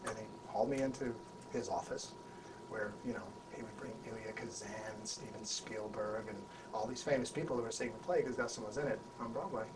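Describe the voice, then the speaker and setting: A man, an actor being interviewed, tells an anecdote in an animated way, restarting and repeating words as he goes. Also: on the low side, a little fast. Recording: voice a bit far from the mic, faint background hum.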